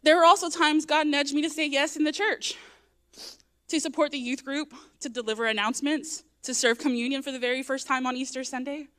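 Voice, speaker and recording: A woman's voice: high-pitched, fairly even intonation, a little fast, fairly bright tone. A woman sharing an earnest personal testimony in church, her voice close to tears at times. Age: adult, raising young children. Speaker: church member giving testimony. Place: church sanctuary.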